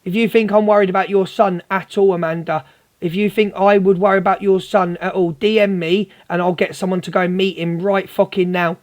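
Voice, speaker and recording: A livestream host rants confrontationally at a viewer, repeatedly calling her darling. His voice is high-pitched, with little pitch movement, and he talks a little fast.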